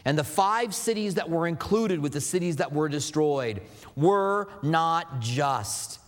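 A man with a fairly high voice delivers a sermon in an easygoing, conversational manner, dropping in asides and the odd filler word. His voice rings out with a long reverb, as if from a church hall. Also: expressive, a little slow. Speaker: pastor.

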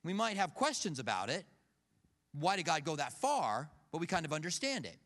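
A man's voice: fairly high pitch, moderate pace. A man preaching a conversational sermon, telling personal stories and acting out what people said. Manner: storytelling, acts out quoted voices, animated. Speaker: pastor. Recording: long reverb of a large hall.

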